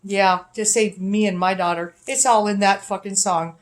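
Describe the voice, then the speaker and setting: A woman's voice: mid-range voice, steady tone, normal speed. A woman vlogger in an unscripted rant to camera from a hotel room, rambling, profane and accusatory.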